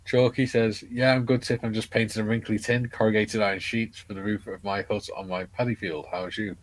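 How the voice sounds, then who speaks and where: A man's voice: on the low side, flat delivery, brisk, rough recording. A man co-hosting a casual live stream, cheerfully reading out viewer comments. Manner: cheerful, reads comments aloud.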